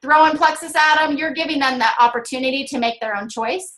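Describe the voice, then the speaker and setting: A woman with a Southern US accent co-hosting a casual chat, earnestly coaching others on how to pitch a business. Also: fairly quick, a bit bright, rough recording. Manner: earnest, coaching, many fillers. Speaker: network marketing co-host.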